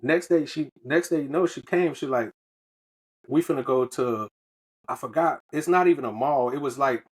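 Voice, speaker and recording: Husky man telling a story. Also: fairly high pitch, brisk, few pauses. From Southern United States. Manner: loose, profane, rambling storytelling with slang. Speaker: podcast co-host. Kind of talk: casual storytelling chat.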